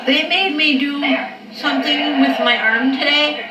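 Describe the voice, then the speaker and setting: Loopy, medicated woman, high voice, very slow drawn-out delivery, noisy home camera audio. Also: steady tone. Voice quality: slow, drawn-out, slightly slurred talk. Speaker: vlogger. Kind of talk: casual home video. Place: home living room at night. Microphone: handheld camera.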